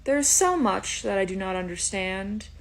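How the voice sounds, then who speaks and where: A woman's voice: medium pitch, lively intonation. A young woman giving playful, casual reaction commentary as a video creator. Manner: chatty and playful, quick asides.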